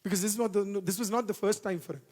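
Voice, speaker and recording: A pastor's high, ringing male voice delivers a fervent sermon, driving points home by repeating them. The sound carries a long reverb from a large church hall. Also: fairly even intonation, very fast, a little mellow. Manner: fervent preaching with repeated phrases.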